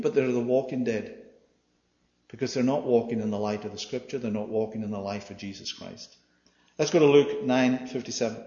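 A man preaching a sermon in an animated way, swinging from loud to hushed, acting out the quoted voices and asking the room "yeah?". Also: mid-range voice. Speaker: pastor. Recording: dull, echoey hall recording.

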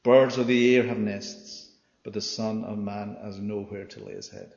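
A man preaching a sermon in an animated way, swinging from loud to hushed, acting out the quoted voices and asking the room "yeah?". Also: lowish voice, normal speed. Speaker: pastor. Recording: dull, echoey hall recording.

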